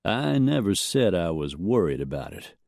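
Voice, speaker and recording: A man voicing a calm bounty hunter who drawls. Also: sits low, normal speed, creaky, no echo, studio quality, exaggerated voice.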